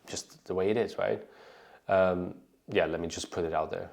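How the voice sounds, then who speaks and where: A man's voice: sits low, steady tone, normal speed, vocal fry, darkish tone. A man from Sweden with a light Swedish accent, talking casually as an online business coach, often checking in with "right?" and restarting sentences. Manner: conversational, frequent "right?" tags and restarts. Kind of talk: casual advice talk to camera.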